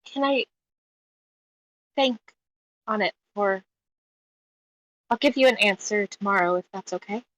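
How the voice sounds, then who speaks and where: Woman doing a young dog assassin girl, halting stammery voice, dry close sound. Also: mid-range voice, fairly bright tone, dry recording, dull audio, natural voice. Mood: tearful. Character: young female dog assassin, moved to tears.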